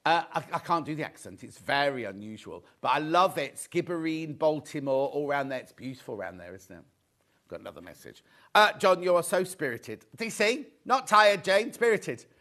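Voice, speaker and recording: A man's voice: on the high side, very animated, brisk, pushed and bright. Chatty live shopping-show host, man. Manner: chatty, upbeat salesman patter, reads viewer messages. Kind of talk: live sales presentation.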